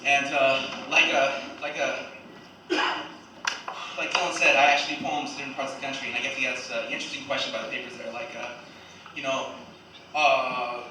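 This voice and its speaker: A man's voice: mid-range voice, flat delivery, fairly quick, pauses often, slight background noise. A man from East Los Angeles performing spoken word poetry live, with fiery, rhythmic declamation, recorded from a distance in a live venue. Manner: fiery, chanting declamation that builds to shouts; loose, chatty banter between poems. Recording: echoey live room from a distance.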